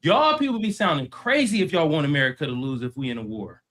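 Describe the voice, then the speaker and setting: Brief: casual slangy male guest, bright, slightly high voice. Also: animated, fast talker. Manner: slangy, loose, calls people bruh. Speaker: debate guest. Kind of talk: casual livestream debate.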